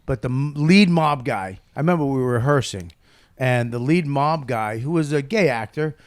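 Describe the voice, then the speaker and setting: A man, a comedian, telling stories in a casual, animated and profane way with frequent laughter. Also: medium pitch, moderate pace, no room sound, studio quality. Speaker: comedian guest. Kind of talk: casual storytelling.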